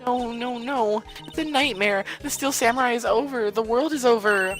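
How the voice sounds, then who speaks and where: A man voicing an excitable young female sidekick in a shrill, squealing falsetto as he reads game dialogue aloud. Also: normal speed, faint music behind. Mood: frantic.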